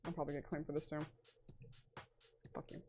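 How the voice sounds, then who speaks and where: A woman's voice: sits low, flat delivery, fairly quick, music in the background. Chatty swearing young woman streamer. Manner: chatty, swears freely, laughs often. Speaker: streamer drawing a webcomic. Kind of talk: casual livestream chat while drawing.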